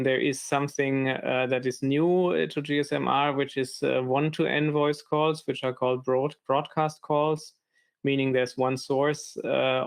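A man gives a technical presentation over a video call, pausing often with ums and uhs. His voice is gravelly and stays flat in pitch, and he lays points out slowly one by one. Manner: hesitant, many fillers.

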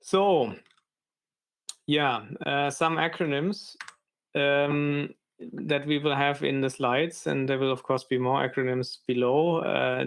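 Hesitant man with gravelly, flat voice. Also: mid-range voice. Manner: hesitant, many fillers. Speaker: presenter. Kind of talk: technical presentation on a developer call.

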